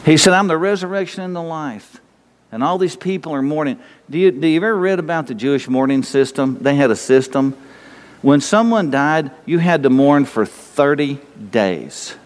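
A man's voice: medium pitch, moderate pace, big-room sound. A man preaching a sermon, emphatic and rambling, pressing his listeners with repeated questions. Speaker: pastor.

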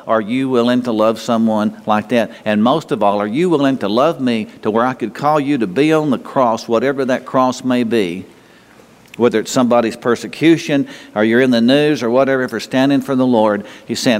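Preaching in a church sanctuary, a man talks with his congregation in a conversational way. He frequently repeats words and asks rhetorical questions, his mid-range voice fairly even at normal speed, trailing a long reverb from the hall.

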